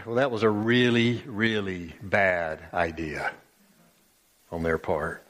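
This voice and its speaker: A man preaches with slow, deliberate emphasis, his voice sitting on the low side. He tells the scripture story dramatically, leaning into key words. A long reverb rings around him in a church sanctuary. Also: steady tone, a bit bright. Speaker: pastor. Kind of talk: sermon.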